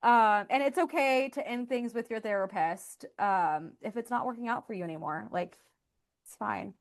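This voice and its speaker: A woman's voice: on the high side, normal speed. A woman hosting a podcast, telling candid stories in casual chat, full of "like" fillers. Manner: candid, storytelling, frequent "like" fillers. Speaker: podcast host.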